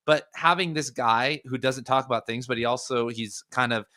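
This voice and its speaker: A male podcast host talks in a plain, middling pitch, wandering through his thoughts at length. His sentences keep restarting and circling back, padded with fillers, as he chats casually with a guest. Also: moderate pace, pushed and bright. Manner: rambling, filler-heavy, musing aloud.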